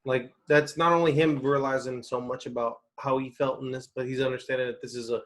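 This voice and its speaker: A man's voice: medium pitch, little pitch movement, a little fast, fairly bright tone. A man co-hosting a podcast, talking casually and making emphatic, run-on points. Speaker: podcast co-host.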